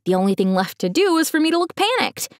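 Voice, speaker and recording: A woman doing a smug prankster father in a storybook narration, breezy and mocking, brushing everything off. Her voice stays a little high and the sound is dry and close. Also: very animated, fast talker, dry recording. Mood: proud.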